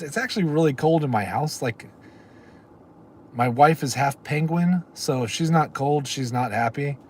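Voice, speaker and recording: A man's voice: mid-range voice, slight background noise. A middle-aged man, hosting a livestream in a rambling casual chat and answering comments from viewers. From Texas. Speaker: livestream host.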